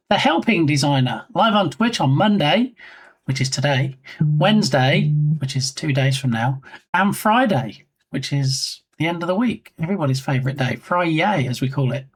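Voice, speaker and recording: A man's voice: fairly high pitch, expressive, brisk, breathy edge. A man streaming live and chatting casually with his viewers in a playful, teasing way. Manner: playful, jokey, teasing chat.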